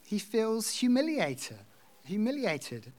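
A man's voice: high voice, big pitch swings, slow, darkish tone. Guy preaching, reads the bible verses then chats through them, easygoing. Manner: conversational, reads scripture aloud and explains it. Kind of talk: expository sermon.

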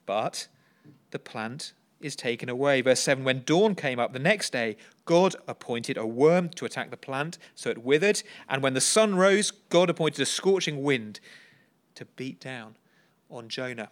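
A man's voice: medium pitch, expressive, unhurried. A man preaching a sermon in a conversational way, often asking the congregation questions. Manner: conversational, asks the listeners questions.

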